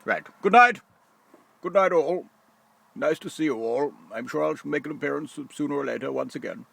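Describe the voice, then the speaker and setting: A man's voice: a little high, normal speed, creaky, a bit bright, breathy edge, voice pushed up, heavily acted. A man voicing a rude, greedy bald male mascot toy that begs for scraps of fat. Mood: grumpy. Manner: rude, blunt and cheeky. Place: lorry cab.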